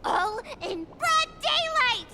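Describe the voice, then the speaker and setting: A woman's voice: very high voice, very animated, slow, exaggerated voice. A woman voicing a flustered, demanding young female shopkeeper in a video game. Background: game music.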